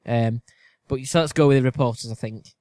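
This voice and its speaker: A man's voice: mid-range voice, brisk, a little mellow, no room sound, studio quality. A man co-hosting a casual podcast, musing hesitantly over quiz answers and cutting in with questions. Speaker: podcast co-host and quiz contestant. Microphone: video call.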